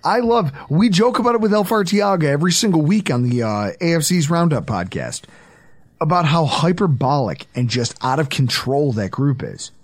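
Podcast host, a man, expressive and quick to laugh, pitch all over the place. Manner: animated storyteller, laughs a lot. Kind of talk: casual sports podcast banter.

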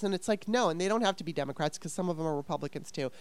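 A woman venting in a heated casual conversation, fast and exasperated, swearing often. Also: on the low side, clear, resonant tone, dry recording.

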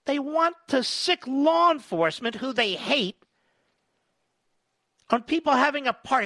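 A combative, sarcastic man hosting talk radio commentary. His voice sits high with lively swings and a bright, sharp edge. The sound is dry and close. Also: unhurried, pauses often, dry recording.

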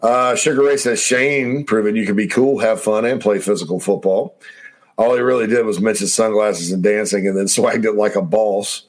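A man hosting a loose sports talk stream in a lowish voice, chatting through viewer comments with plenty of laughs. He rambles, trails off and slips into quick mock impressions of coaches. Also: fairly even intonation. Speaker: sports talk show host. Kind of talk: casual sports talk, reading chat comments.

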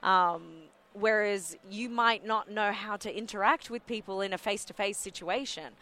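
A woman's voice: mid-range voice, moderate pace, sharp tone. A chatty woman in her forties with an Australian accent, talking as a guest in a casual interview and rambling with lots of fillers.

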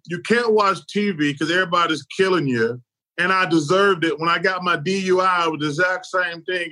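A middle-aged man talks earnestly as a show co-host. His voice is bright and forceful and sits a little high for a man. He sounds choked up and stretches his phrases out. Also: rough recording. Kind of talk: emotional conversational talk.

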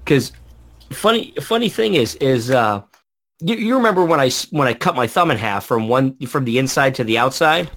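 A man's voice: mid-range voice, animated, normal speed, fairly bright tone. A man co-hosting a podcast, telling stories in a casual way and laughing through them. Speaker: podcast co-host. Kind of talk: casual chat, storytelling.

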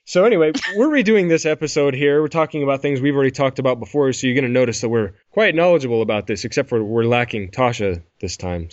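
A man hosting a gaming podcast in casual, rambling, self-deprecating chat, laughing often. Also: mid-range voice. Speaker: podcast host. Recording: dull lo-fi podcast audio.

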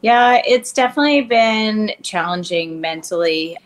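A woman's voice: medium pitch, a little slow. A woman from Canada, a guest in an interview, speaking openly and plainly about hard times in a candid conversation. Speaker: guest, athlete.

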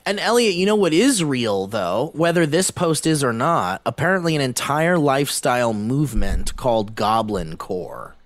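A man co-hosting a casual comedy podcast, who laughs often and reads an online post aloud in an animated way. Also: moderate pace, few pauses, no room sound. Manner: animated, laughs often, pitch swings widely. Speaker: podcast co-host.

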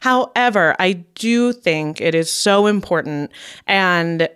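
A woman's voice: fairly low pitch, animated, takes it slowly, a bit bright, clear, resonant tone. A woman in her thirties co-hosting a parenting podcast, chatting candidly, swearing freely and laughing often. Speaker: podcast co-host. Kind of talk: casual chat.

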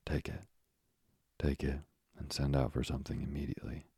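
A man's voice: rumbling low, flat delivery, normal speed, creaky, dark tone, husky, no room sound, exaggerated voice. A man voicing an earnest, generous young sailor son in a storybook reading.

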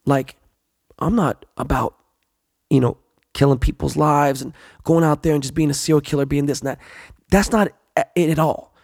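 A man's voice: a little high, brisk, vocal fry, darkish tone, dry recording, studio quality. A man in a blunt, profane, slangy casual monologue, repeating himself for emphasis.

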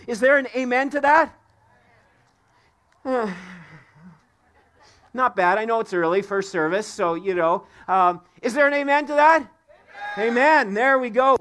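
A man with a strikingly high voice preaches a sermon to his congregation. He is emphatic, hammering home key words by repeating them. He is recorded live in a church sanctuary. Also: moderate pace, a bit bright. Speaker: pastor.

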